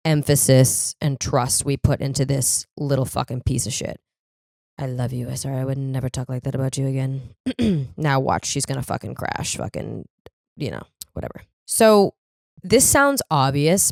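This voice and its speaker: A young woman with a low, smooth voice hosts a solo comedy podcast. She rants in a profane, self-deprecating way. The recording is dry and close. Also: no echo. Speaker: podcast host.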